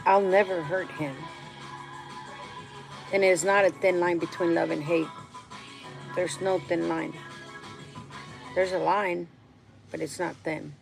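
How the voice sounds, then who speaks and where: A woman's voice: fairly low pitch, fairly even intonation, takes it slowly, gravelly, long pauses, over music, poor audio. A middle-aged woman talking candidly and emotionally to her viewers, answering their questions in a rambling way. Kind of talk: casual heartfelt talk to viewers.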